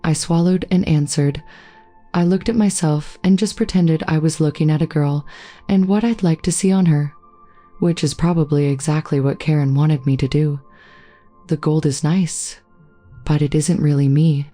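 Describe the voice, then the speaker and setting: A woman narrating a first-person story in a steady, even read. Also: sits low, moderate pace, soft background music. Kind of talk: scripted narration.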